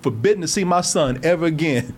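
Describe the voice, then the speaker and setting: A man hosting a loose, comedic movie chat. His voice sits high and bounces all over as he laughs and acts out lines from the film. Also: a little fast, faint music behind. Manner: laughing, animated, acts out quotes.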